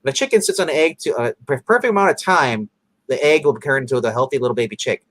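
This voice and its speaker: A man's voice: medium pitch, animated, fast, fairly bright tone, dry recording, rough recording. A man co-hosting a casual episode recap, rambling with many fillers and acting out characters' lines. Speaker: podcast co-host.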